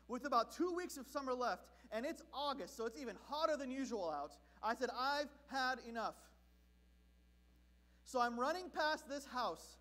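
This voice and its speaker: Telling his story with animated humor, this pastor from Southern California delivers a sermon in a very high voice.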